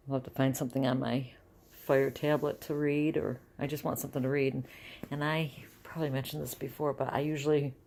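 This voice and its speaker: A woman's voice: extremely low pitch, mellow. A middle-aged woman talking casually in a home vlog, rambling with restarts. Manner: rambling, chatty, restarts often. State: dizzy and close to tears. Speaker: vlogger.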